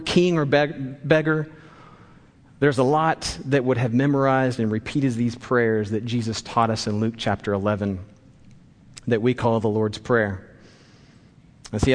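Man preaching in a reverberant hall. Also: mid-range voice. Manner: storytelling, acts out voices in quotes. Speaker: pastor. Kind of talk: sermon with an anecdote.

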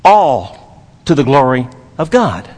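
A man's voice: mid-range voice, very animated, takes it slowly, a little mellow, long reverb tail. A man from Dallas, Texas, preaching a sermon as pastor, emphatic and repetitive, with folksy humor.

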